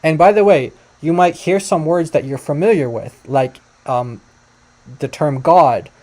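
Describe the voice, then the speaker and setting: A man hosts a casual explanatory video, talking straight to his viewers. His voice sits warm and mellow, and he hesitates a lot, filling gaps and repeating himself as he goes. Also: fairly high pitch, a little slow. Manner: hesitant, many fillers and restarts; addresses viewers directly. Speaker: video host explaining a language.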